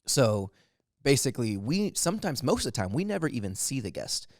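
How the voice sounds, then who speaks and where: A man's voice: mid-range voice, very animated, brisk, no room sound, clean studio sound. A man in his thirties co-hosting a comedy podcast, telling rambling stories with frequent laughs. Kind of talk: casual chat, comic storytelling.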